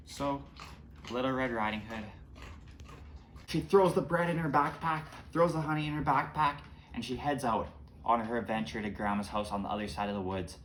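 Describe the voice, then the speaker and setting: Casual male storyteller, relaxed delivery. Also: on the low side, moderate pace, a little hiss or hum. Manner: relaxed, informal retelling with small restarts.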